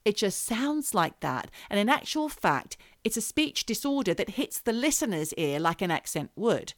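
A woman's voice: mid-range voice, big pitch swings, moderate pace, no echo, clean studio sound. Chatty woman telling a story. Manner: storytelling, reads quotes aloud. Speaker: podcast co-host. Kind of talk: casual chat.

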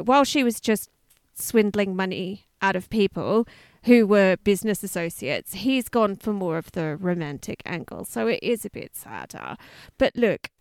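A woman's voice: medium pitch, smooth, no echo, clean studio sound. A woman co-hosting a podcast, chatting casually with frequent laughs and rambling restarts. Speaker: podcast co-host. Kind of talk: casual chat.

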